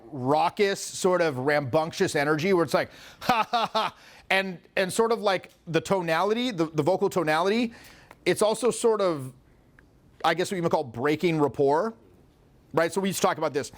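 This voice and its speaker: A man in his forties, a social skills coach, talking casually in an animated, profane way and acting out other people's voices. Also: a little high. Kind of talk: casual chat.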